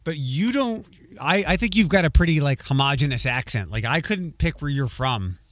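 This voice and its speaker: A man's voice: on the high side, lively intonation, normal speed, a bit bright, no room sound. Wry, rambling man in dry sound. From Western Pennsylvania. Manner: rambling, self-correcting, wry. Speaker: podcast co-host. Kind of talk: casual chat.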